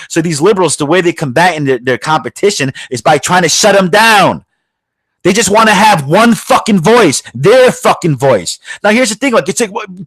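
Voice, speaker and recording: A man's voice: a little high, big pitch swings, brisk, fairly bright tone, dry recording. Heated, foul-mouthed male podcast host. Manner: heated, swearing constantly, rambling restarts. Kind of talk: profane political rant.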